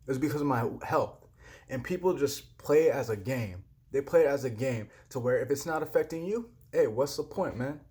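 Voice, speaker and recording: A man's voice: mid-range voice, lively intonation, brisk, a little mellow. A young man giving a frustrated personal rant in a vlog, heated and repetitive, swearing freely. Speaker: vlogger.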